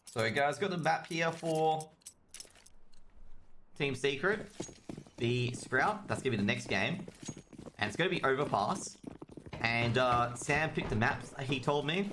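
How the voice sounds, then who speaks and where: A man's voice: medium pitch, background noise. Chatty Australian man casting a game. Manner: chatty, quick, excitable on big plays, jokes with chat. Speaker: esports caster. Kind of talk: solo live game commentary, answering chat.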